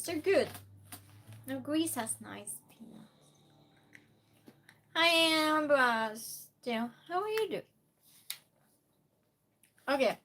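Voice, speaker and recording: A woman's voice: sits high, a bit bright. A woman hosting a live-stream game night, chatting casually, reading chat aloud and playfully scolding and thanking donors.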